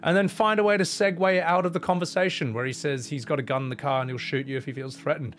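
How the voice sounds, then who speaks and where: A man in a casual vlog, telling a trip story in an animated way, swearing freely. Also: on the high side, fast, few pauses. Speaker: vlogger.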